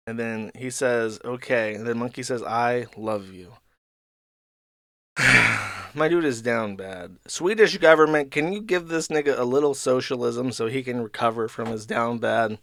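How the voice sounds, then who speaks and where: A man's voice: mid-range voice, unhurried, creaky, fairly bright tone, no echo, studio quality. A man hosting a live stream, reading out messages and cutting in with crude, sarcastic asides. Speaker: streamer host.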